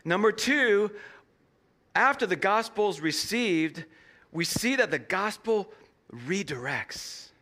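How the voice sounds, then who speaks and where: A male pastor preaching in a church, his delivery lively and swinging widely in pitch. His tone is bright and forceful as he acts out a story and pauses for his interpreter. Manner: animated storytelling, acting out dialogue. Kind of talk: sermon with live interpretation.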